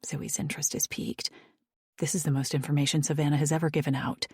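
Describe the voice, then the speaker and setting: Low husky woman narrating an audiobook. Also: little pitch movement, quick pace, darkish tone, no room sound, studio quality.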